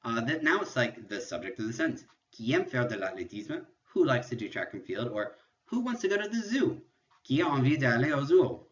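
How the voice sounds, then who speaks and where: A man teaching a French lesson in a recorded lecture, patiently explaining and repeating examples slowly. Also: medium pitch, big pitch swings, highs cut off.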